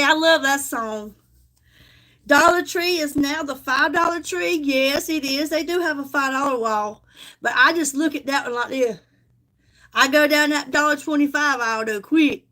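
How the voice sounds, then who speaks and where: Bright, high-voiced Southern woman. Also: unhurried, pauses often. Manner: folksy, chatty, calls viewers honey. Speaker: live-stream seller. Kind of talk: casual live-stream chat.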